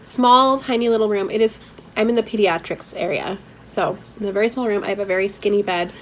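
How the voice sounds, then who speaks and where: A woman's voice: medium pitch, fairly quick, slight background noise, low-quality recording. A young woman vlogger telling a painful personal story candidly, fighting back tears and a little stuffy from a cold. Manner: candid, emotional, rambling with fillers. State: teary, holding back tears.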